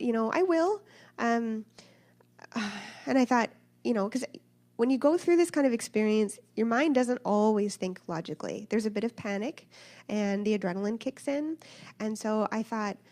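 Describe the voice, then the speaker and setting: A woman's voice: medium pitch, creaky. A woman in her thirties telling a personal story in a church talk, acting out the voices of the people in it. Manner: animated, acts out voices of others in her story. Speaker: speaker sharing a personal story.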